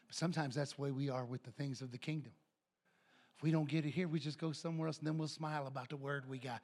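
A middle-aged man preaching a sermon, animated and telling family stories. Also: on the high side, fast. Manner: animated, acts out family members' voices. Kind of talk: sermon with storytelling.

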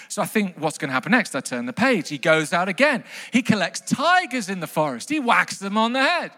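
A man preaching a lively sermon to a congregation, telling a children's story with big bursts of mock outrage. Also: high voice, a little fast. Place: large hall with long reverb. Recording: live sermon in a reverberant hall.

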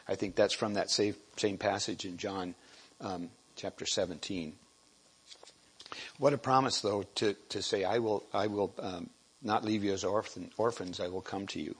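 A man delivers a sermon in a husky, somewhat low voice. He talks haltingly, restarting phrases and often clearing his throat. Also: steady tone, low-quality recording. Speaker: lay preacher.

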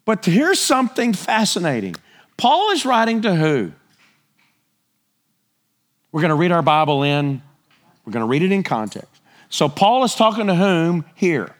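A middle-aged man preaches a sermon with an animated, conversational delivery. His voice sits fairly high and climbs higher still when he grows excited. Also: a little slow, long pauses.

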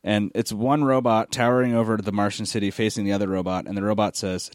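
Man, lowish voice, casual critical chatter, dry recording. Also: quick pace, hardly any pauses, no room sound. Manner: animated, critical, lots of fillers and restarts. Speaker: podcast co-host. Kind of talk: casual chat, comic book review.

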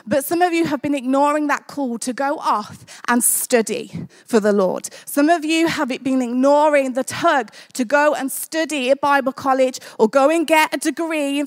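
Woman pastor, very high pitch, chatty sermon delivery that climbs into fervent calls. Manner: conversational and jokey, building to fervent exclamations. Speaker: preacher. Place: church.

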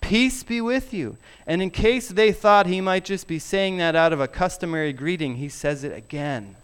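A middle-aged man preaching a sermon, emphatic and deliberate, sometimes dropping his voice very low. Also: smooth. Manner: slow, emphatic preaching with soft drops to near whisper. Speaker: pastor.

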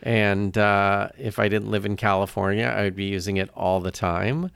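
A man's voice: on the low side, steady tone, normal speed, creaky, a bit bright, clean tone, no room sound, studio quality. A man co-hosting a podcast in casual chat, chatty and often trailing off mid-thought. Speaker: podcast co-host.

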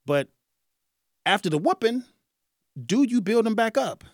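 A man in his forties hosting a radio talk show, speaking in a casual, animated way with frequent chuckles. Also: high voice, a little slow, no echo, clean studio sound. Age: 40s. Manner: animated, conversational, chuckles often. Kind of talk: solo talk radio monologue.

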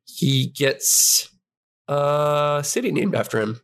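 A man co-hosting a comedy podcast, improvising a silly movie pitch with deadpan answers that keep escalating. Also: moderate pace. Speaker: podcast co-host.

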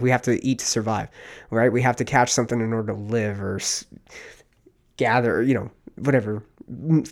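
A man's voice: mid-range voice, a little mellow. A man hosting a solo podcast, ranting in a rambling, profane, fired-up casual way. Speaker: podcast host.

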